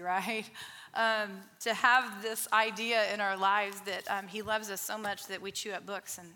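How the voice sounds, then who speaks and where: A woman's voice: mid-range voice, pushed and bright. A woman leading a church Bible study lesson, chatty and laughing at herself, restarting her sentences. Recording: echoey hall.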